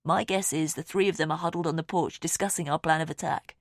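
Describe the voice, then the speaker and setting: A woman's voice: sits low, steady tone, fast, dry recording. A woman reading the part of a wry, gloomy young man in an audiobook, in a dry, darkly joking way. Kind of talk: audiobook character voice.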